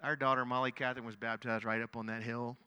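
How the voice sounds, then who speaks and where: A middle-aged man preaching a sermon, telling a story in an earnest, conversational way and often doubling up his words. His voice is medium in pitch with a bright, forward edge. It rings out with the long reverb of a big church hall. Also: flat delivery, quick pace, clear, resonant tone. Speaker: pastor.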